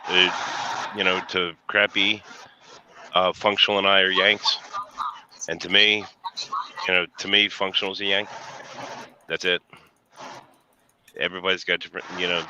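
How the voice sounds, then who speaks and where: A man's voice: low voice, level tone, normal speed, long pauses, highs cut off, noisy background. A man talking in a rambling way with many restarts, in casual voice chat. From United States.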